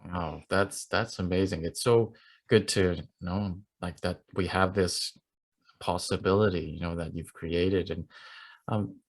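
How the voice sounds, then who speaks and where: A male host asking halting, encouraging questions in a conversational interview. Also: deep voice, fairly even intonation, creaky. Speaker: podcast host.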